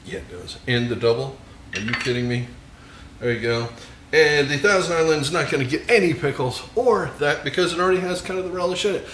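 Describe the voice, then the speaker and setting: Man, home cooking host, mid pitch, jokey and eager, roomy kitchen sound with a faint hiss. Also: expressive, brisk, a bit bright. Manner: jokey, enthusiastic, savoring food with murmured mms. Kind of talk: casual cooking vlog with tasting.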